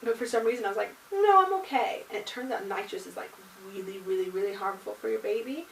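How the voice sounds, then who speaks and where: A woman's voice: mid-range voice, fast talker, gravelly, a little mellow, far from the mic. A young woman chats through a casual home vlog, peppering her talk with likes and ums. Her voice sits a little away from the mic in a roomy space. A faint hiss runs underneath. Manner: chatty, with many likes and ums. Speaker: vlogger. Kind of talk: casual pregnancy update vlog.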